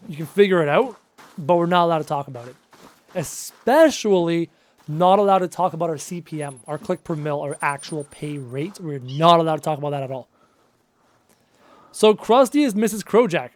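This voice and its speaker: A man's voice: on the high side, moderate pace. A man around thirty chatting casually and upbeat with viewers on a live gaming stream. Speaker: gaming livestreamer. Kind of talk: casual live-stream chat while playing.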